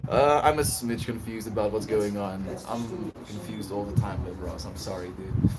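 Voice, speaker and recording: A man's voice: on the low side, steady tone, moderate pace, distant mic. A man livestreaming, chatting casually and laughing as he reads and answers messages from his chat. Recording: voice a bit off-mic with clear background noise.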